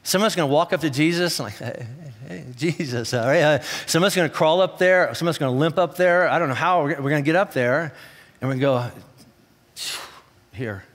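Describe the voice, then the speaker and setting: A man preaches to his congregation in a loose, conversational style, stumbling over restarts as he presses his point. His voice sits a little high for a man. The sound rings with the long reverb of a church hall. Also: fast, a bit bright. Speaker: pastor. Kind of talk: sermon. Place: church auditorium.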